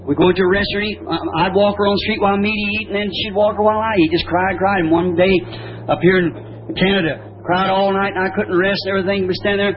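A high-voiced man preaches in a rambling, homespun manner, breaking off to ask "see?" His grammar is plain and folksy. The recording is a muffled old tape, thick with loud hiss. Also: steady tone, quick pace. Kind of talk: sermon.

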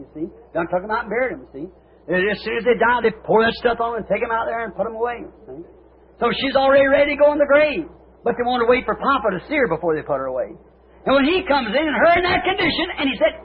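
Male preacher, high voice, fervent storytelling sermon, tinny old tape with faint hiss. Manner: fervent storytelling, acting out scripture scenes; rhetorical questions to the congregation.

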